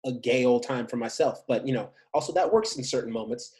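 A man's voice: medium pitch, fairly quick, darkish tone. Man, podcast co-host, casual chat, jokey, self-mocking.

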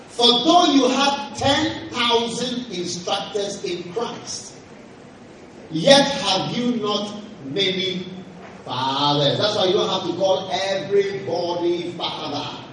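High-voiced preacher in an echoey hall. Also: male voice. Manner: emphatic preaching with call-and-response questions. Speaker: pastor. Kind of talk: sermon. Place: large hall at a camp meeting. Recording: echoey hall, voice from far off, noisy.

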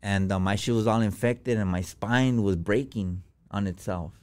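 A man's voice: fairly low pitch, moderate pace, clean tone. A man telling a personal story as a podcast guest, in slangy, profane casual talk full of fillers.

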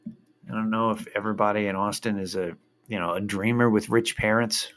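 A man's voice: fairly low pitch, steady tone, fairly quick, a bit bright. A man telling a rambling story in a casual monologue, swearing freely and drifting into a rant.

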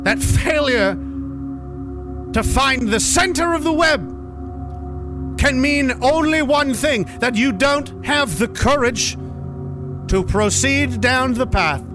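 A man's voice: very high voice, lively intonation, music in the background, pitched above the performer's own voice, full character voice. A man putting on a grave old storybook narrator. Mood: grim. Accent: put-on old-fashioned storyteller accent. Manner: slow, dramatic, portentous delivery.

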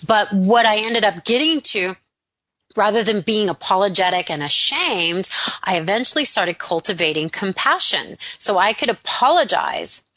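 Woman radio host, middle-aged, effusive and chatty, with a bright, forceful tone. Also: medium pitch, animated, normal speed, dry recording. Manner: warm, effusive, laughs easily. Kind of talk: casual radio talk.

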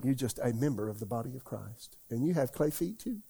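An older male pastor preaches in a loose, conversational way, with a gravelly edge and a dark, mellow tone. He rambles a little and keeps asking his congregation questions. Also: mid-range voice, animated, a little fast. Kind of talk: conversational sermon. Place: church.

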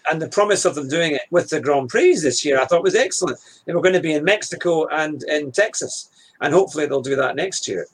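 A man's voice: fairly high pitch, animated, fast, slightly rough, rough recording. A man co-hosting a motorsport show, chatting easygoingly with hesitant restarts. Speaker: co-host. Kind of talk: casual banter.

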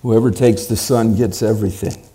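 A male preacher telling a story in a sermon, dramatic and at times building to loud emphasis. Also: lowish voice, fairly even intonation, moderate pace.

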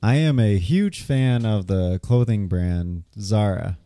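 A man with a very warm, dark voice co-hosting a movie podcast. He talks in a relaxed way with casual fillers and a lowish pitch. The recording is dry and close. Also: slow, no room sound. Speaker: podcast co-host. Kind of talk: casual movie review chat.

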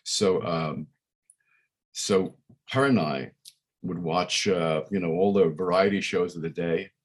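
Taking his time, a husky-voiced, somewhat low-pitched man in his 60s from Brooklyn, New York, chats as a musician guest in an easygoing interview. His anecdotes meander, dotted with fillers and restarts.

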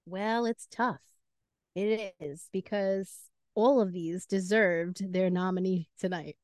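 A woman's voice: medium pitch, slow, no echo, clean studio sound. A woman co-hosting a book podcast in casual chat, playfully announcing awards. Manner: playful, lively, announcer-style award presenting. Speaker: podcast co-host.

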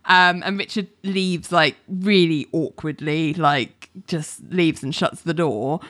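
A woman's voice: low-pitched, slow pace, fairly bright tone, dry recording. A woman casually recapping a TV episode, chatty and full of ums and likes.

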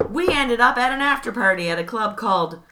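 A woman co-hosting a comedy podcast, giggly and animated as she reads fan fiction in a mock-dramatic voice. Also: a little high, fairly quick. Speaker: co-host reading fan fiction.

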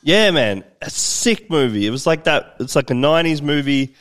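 A man, chatting casually as a podcast co-host and throwing in wry, quick asides. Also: a little high, animated, fairly bright tone. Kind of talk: casual chat.

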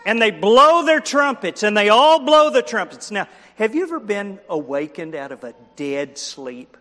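A man's voice: high voice, very animated, normal speed, a bit bright. A man preaching a children's sermon, telling a story with animation, acting out the characters and asking the listeners questions. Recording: long hall reverb.

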